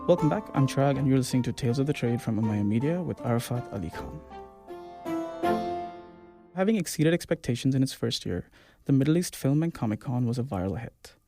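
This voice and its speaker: A man's voice: mid-range voice, expressive, brisk, music in the background. A man hosting a podcast, interviewing a guest with brief, encouraging interjections and reading scripted intros. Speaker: podcast host.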